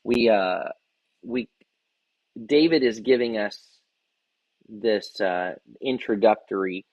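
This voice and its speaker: A man's voice: on the low side, takes it slowly, a little mellow, dry recording, dull audio. A man, a rabbi, giving a devotional Bible teaching, reading verses and explaining them phrase by phrase. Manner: explains scripture line by line, reading and paraphrasing verses.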